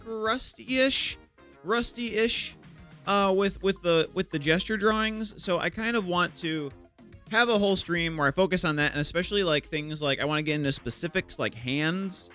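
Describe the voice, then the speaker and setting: Young male artist live-streaming on a desk mic; chatty, bouncy, high-ish voice, jokey and loose. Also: fairly bright tone. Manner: chatty, greets and answers viewers, self-deprecating jokes. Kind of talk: casual live-stream chat. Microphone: desk microphone.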